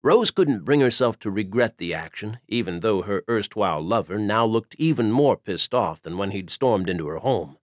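A man narrating a story in a steady, even storytelling manner. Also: fairly low pitch, moderate pace, few pauses, no echo, clean studio sound. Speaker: audiobook narrator. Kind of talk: scripted narration.

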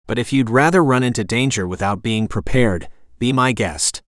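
A man's voice: mid-range voice, fairly bright tone, no room sound, studio quality, lightly acted. A man voicing a blunt, impatient woman psychic. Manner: exasperated, brisk.

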